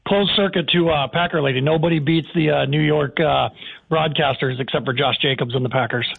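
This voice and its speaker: A man calling in to a sports radio show with quick, jokey jabs, heard over a tinny phone line. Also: a little high, creaky, breathy edge, no room sound. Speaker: caller. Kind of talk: casual call-in chat.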